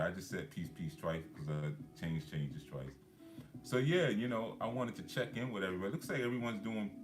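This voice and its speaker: Deep-voiced man chatting on a live stream. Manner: laid-back, chatty, many fillers, laughs often. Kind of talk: casual live-stream chat reading viewer comments.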